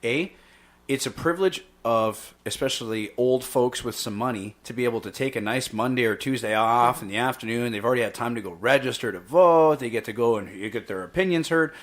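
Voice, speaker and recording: A man's voice: medium pitch, fairly quick. A young man on a podcast as a guest, brash and fiery, swearing freely as he rants about politics. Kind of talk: heated political discussion.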